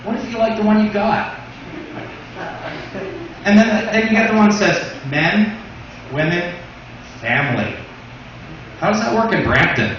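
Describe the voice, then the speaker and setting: A man's voice: sits high, normal speed, long pauses, fairly bright tone, heavy reverb, recorded from a distance, highs cut off, slight background noise. A man doing a stand-up comedy routine, saying "you know" often, recorded from afar in a small club. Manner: says "you know" a lot.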